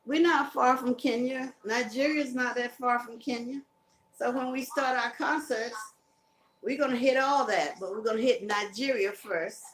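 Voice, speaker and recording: A woman's voice: a little high, normal speed, fairly bright tone, roomy sound, a little hiss or hum, rough recording. A woman with a Southern US accent, hosting a casual live stream, chatting, laughing and reading out viewer comments. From Carolinas, US South. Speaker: live-stream host promoting a music tour.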